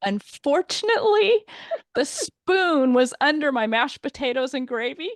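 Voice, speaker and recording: A woman's voice: high voice, animated, unhurried, no room sound, clean studio sound. A woman guest, a courage coach, telling a funny story on a video call and laughing often as she goes.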